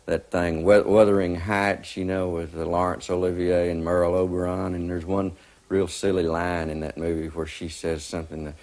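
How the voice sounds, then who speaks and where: A man reminiscing in an easygoing, halting way during an interview. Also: low voice, little pitch movement, darkish tone. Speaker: interviewee recalling a friend. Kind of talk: archival interview recollection.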